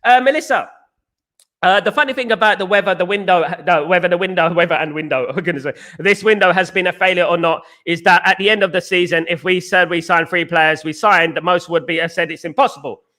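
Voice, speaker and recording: A man's voice: sits high, steady tone, fairly quick, sharp tone. A British man hosting a casual live stream, talking emphatically, repeating himself and reading viewer comments aloud. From Britain.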